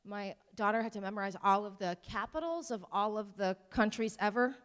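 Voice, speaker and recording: A woman's voice: medium pitch, fairly even intonation, moderate pace. A woman giving an informal talk to parents, conversational, with ums and self-deprecating asides. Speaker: presenter at a parent workshop. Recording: long hall reverb.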